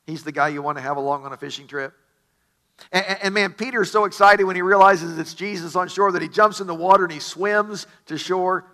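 Bright-voiced, enthusiastic middle-aged male pastor. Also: sits high, fairly quick. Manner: enthusiastic storytelling with stammered restarts. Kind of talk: sermon.

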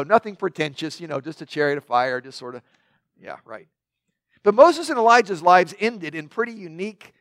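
A man's voice: on the high side, a bit bright, no room sound. A man preaching a sermon in a conversational way, with joking asides to the congregation. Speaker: pastor.

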